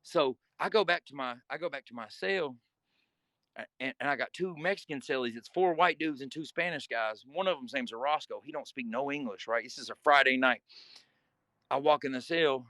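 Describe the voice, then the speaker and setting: A man's voice: mid-range voice, moderate pace, bright, forceful tone, no echo. A man telling a guest story in casual, vivid, profane talk and acting scenes out.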